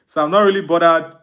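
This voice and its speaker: Bright-voiced Nigerian man streaming football. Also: on the high side. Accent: Nigerian Igbo English. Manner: reads viewer comments aloud and answers them, laughs often. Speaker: football watch-along streamer. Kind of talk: live stream chat reading.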